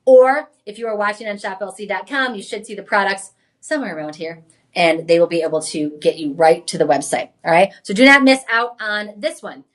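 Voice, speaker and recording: Chatty, enthusiastic shopping-channel hostess, mid-pitched woman, live sales pitch. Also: fairly quick, a bit bright. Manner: enthusiastic, chatty, exclaims and laughs often.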